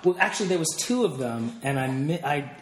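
A man's voice: on the high side, lively intonation, a little fast, echoey room, slight background noise. Candid, chatty man guest. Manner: candid, laughing, with many fillers and restarts. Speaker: interview guest. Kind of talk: casual interview chat.

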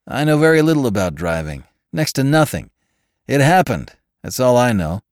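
A man voicing a fussy bespectacled older gentleman who protests indignantly, in an audiobook reading. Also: mid-range voice, very animated, normal speed, no room sound, clean studio sound, pitched above the performer's own voice, lightly acted.

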